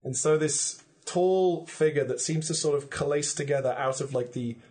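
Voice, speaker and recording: A man as a podcast guest, casually pitching a story in vivid, descriptive detail with plenty of "like" fillers. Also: moderate pace, darkish tone.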